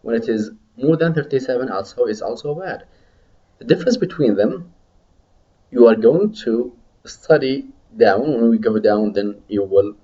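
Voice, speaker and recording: A man teaching medical English in a recorded lecture, modelling numbers slowly for students to repeat after him. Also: mid-range voice, mellow, lo-fi sound.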